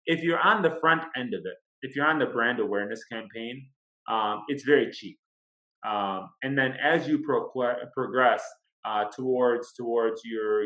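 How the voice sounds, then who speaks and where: A man as a marketing expert guest in a casual interview, explaining step by step in a measured, thoughtful way. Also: medium pitch, fairly bright tone. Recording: echoey, dull lo-fi sound.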